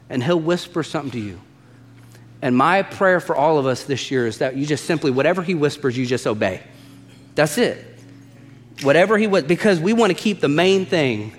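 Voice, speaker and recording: A man preaching a sermon as pastor, animated and emphatic, repeating lines for stress and acting out the voices in his quotes. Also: medium pitch, in a large hall.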